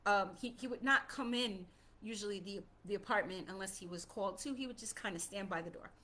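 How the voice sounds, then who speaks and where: A woman telling a personal childhood story in an animated, conversational way, often repeating herself for emphasis. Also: medium pitch, fairly quick. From Puerto Rico.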